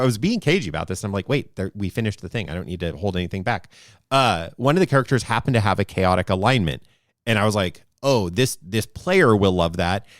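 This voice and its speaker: A man's voice: fairly low pitch, no echo. A man co-hosting a podcast as game master, talking in a rambling, thoughtful way into a close mic. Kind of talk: casual podcast discussion.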